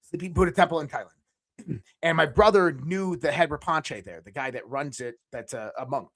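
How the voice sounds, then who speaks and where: Guesting on a podcast, a man recounts a personal story in a lively, casual way, frequently starting his sentences over and cursing occasionally. His voice sits a little high, and he talks at a normal speed.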